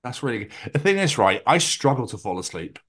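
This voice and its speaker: A man's voice: mid-range voice, very animated, a little fast, husky. A man with a British accent hosting a podcast, rambling casually, swearing and acting out silly bits. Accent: British English. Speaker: podcast host. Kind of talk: casual chat.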